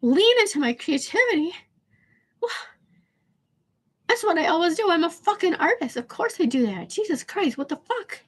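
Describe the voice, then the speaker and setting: A woman with a high voice rants to her livestream. Her voice is shaky, tearful and slightly hoarse. She talks in halting, repetitive bursts and swears without holding back. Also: very animated. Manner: rambling, stammering, repeating herself; blunt, swears freely. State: hoarse from losing voice. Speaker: livestream host. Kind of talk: emotional venting rant.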